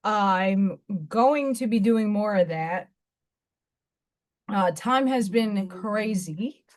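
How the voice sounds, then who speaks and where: Her mid-range voice moves very slowly as she hosts a laid-back craft livestream from her house. She is talkative, laughs frequently, and coos at her cat in baby talk.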